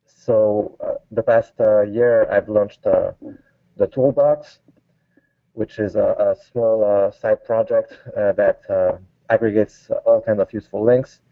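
A man's voice: lowish voice, fairly even intonation, takes it slowly, dry recording. A man from France with a French accent, a guest designer speaking with many hesitant fillers in a casual interview over a call. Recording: tinny phone-like line.

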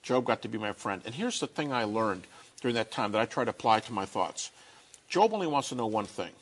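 A man giving an earnest, conversational talk about grief and faith, slowing down to stress key points. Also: on the low side, lively intonation. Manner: earnest storytelling, slowing down for emphasis.

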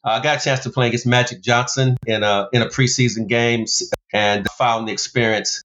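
A man from the United States telling stories in an interview as a former basketball player and motivational speaker, animated, with big leaps in pitch for emphasis. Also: fairly quick, highs cut off. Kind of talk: storytelling interview.

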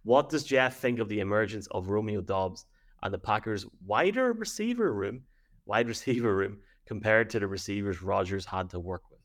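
An Irish man with a fairly low voice, co-hosting a laid-back chat show. He reads out listener messages and tells loose stories, laughing easily along the way. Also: steady tone, fairly quick. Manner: chatty, laughs easily while telling stories. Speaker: co-host reading listener messages. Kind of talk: casual chat.

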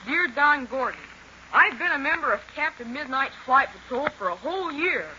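A man's voice: very high voice, lively intonation, normal speed, bright, forceful tone, slight background noise, full character voice. A performer playing an eager young boy reading his fan letter on a 1930s radio show. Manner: eager, enthusiastic. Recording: muffled old radio recording.

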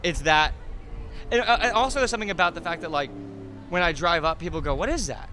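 Guy rambling about his cars outside, bright sharp voice, faint street noise behind. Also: a little high, animated, fast talker. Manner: rambling, full of fillers and restarts. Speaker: interview guest. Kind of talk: casual storytelling interview.

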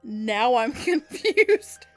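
A woman's voice: fairly high pitch, big pitch swings, extremely slow, faint music behind. A young woman co-hosting a comedy podcast, reading fan fiction aloud and often breaking into laughter.

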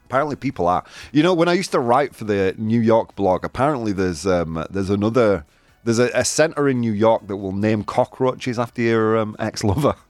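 Male radio host, animated swooping delivery, dry close studio sound, soft music underneath. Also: fairly low pitch, fairly quick, no echo. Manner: animated, laughs often, switches into Spanish translations. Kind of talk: casual radio chat, reading news items.

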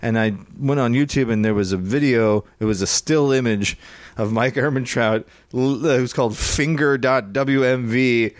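A man's voice: mid-range voice, normal speed, no room sound. A man co-hosting a podcast in casual chat, laid-back and dry, with self-deprecating asides. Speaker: podcast co-host.

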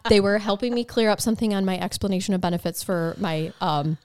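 A woman's voice: mid-range voice, quick pace, darkish tone, smooth, dry recording. A young adult woman co-hosting a podcast, telling stories in a chatty, laughing way. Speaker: podcast co-host. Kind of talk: casual chat.

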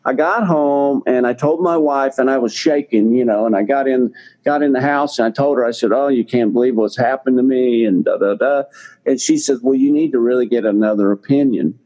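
Mellow-voiced older man telling a story. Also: medium pitch, muffled recording. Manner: rambling, halting, many fillers and restarts. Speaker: guest telling his health story. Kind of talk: casual storytelling.

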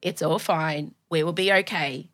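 An Australian woman co-hosting a podcast, telling a story in a lively way and acting out both sides of the conversation. She has a cold. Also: sits low, a little slow. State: sick with a cold. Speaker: podcast co-host. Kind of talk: casual chat.

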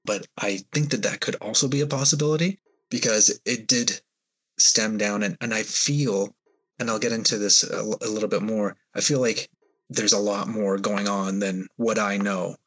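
A man's voice: fairly low pitch, fairly even intonation, moderate pace, fairly bright tone, slightly rough. A man, a guest on a podcast, tells a personal story in a hesitant, rambling way with many fillers. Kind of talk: storytelling in an interview.

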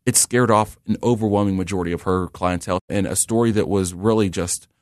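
A man reporting the news, calmly retelling what the people he interviewed told him. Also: low-pitched, no echo, studio quality. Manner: measured, retelling what others said. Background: music bed.

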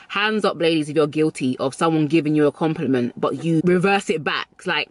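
A woman's voice: low-pitched, a little fast, hardly any pauses, dry recording. A woman vlogger giving advice in a casual, chatty, emphatic way, often repeating her key phrases. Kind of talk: casual advice talk to camera.

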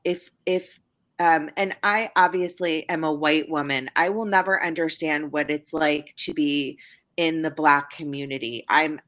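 Low-voiced tearful woman podcast host. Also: pushed and bright. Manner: halting, tearful, repeats words. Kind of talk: emotional interview conversation.

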